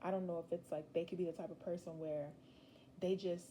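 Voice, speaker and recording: A woman's voice: on the low side, fairly even intonation, fairly quick, dark tone, slight background noise, poor audio. A young woman giving a casual, rambling tarot reading, chatty and slangy with emphatic asides. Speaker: tarot reader.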